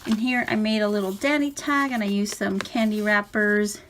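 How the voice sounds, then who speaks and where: A woman casually talking through a handmade journal she is showing page by page, relaxed and chatty. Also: mid-range voice, moderate pace. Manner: chatty, relaxed, with fillers and soft laughs. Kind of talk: casual craft walkthrough. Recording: audible background noise.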